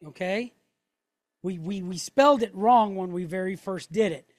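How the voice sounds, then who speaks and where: A woman's voice: mid-range voice, moderate pace, a little mellow, no room sound. A woman teaching a class, explaining step by step with patience and often checking in with "right?" and "okay?". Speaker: Hebrew teacher.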